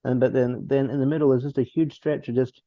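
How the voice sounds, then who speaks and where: A man's voice: medium pitch, fairly even intonation, fast talker, no echo. A man co-hosting a casual film review podcast, rambling with lots of restarts and chuckles. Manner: rambling with many restarts and laughs. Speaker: podcast co-host. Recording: dull dry lo-fi sound.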